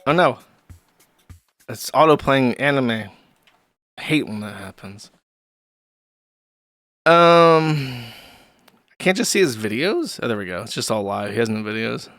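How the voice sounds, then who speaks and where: A man's voice: medium pitch, animated, unhurried, pauses often, fairly bright tone, no room sound, studio quality, soft background music. A man hosting a livestream, ranting in crude, scornful commentary and breaking into laughs. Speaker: host.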